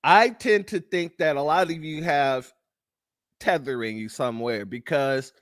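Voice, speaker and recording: A man's voice: fairly high pitch, unhurried, fairly bright tone, no room sound, clean studio sound. A man hosting political commentary, blunt and mocking, firing off rhetorical questions. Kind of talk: ranting commentary on news clips.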